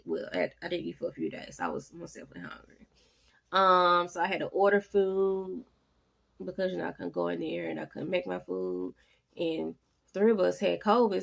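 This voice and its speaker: A woman, speaking low with a heavy gravelly fry. She tells a personal story in a relaxed, chatty way, jumping up high and loud whenever she quotes someone, then sinking to breathy near-whispers on the frightening parts. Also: moderate pace. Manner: animated, jumps to high exclaiming quoted lines; drops to hushed, breathy tones when talking about fear. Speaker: vlogger.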